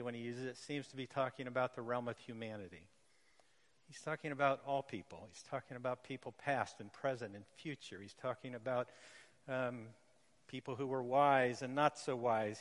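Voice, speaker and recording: Earnest pastor in a reverberant church. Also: male voice, mid-range voice. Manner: earnest, emphatic, slows on key phrases. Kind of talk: sermon. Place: church sanctuary.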